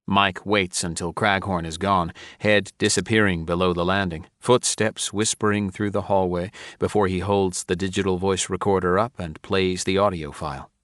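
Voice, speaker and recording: A man narrating a first-person mystery audiobook in a measured, even storytelling manner. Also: low-pitched, no echo, studio quality.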